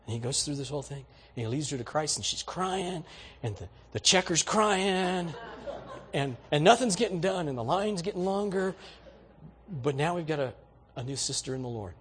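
A man's voice: on the high side, animated, normal speed, fairly bright tone, slight background noise. A man preaching a sermon, telling everyday stories in a folksy, exhorting way. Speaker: pastor.

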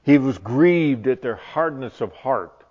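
A man teaching from the Bible in a sermon, earnest and searching, often restarting his sentences and dropping to a hush on tender points. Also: mid-range voice, animated, slow pace, slightly rough. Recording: dull lo-fi recording.

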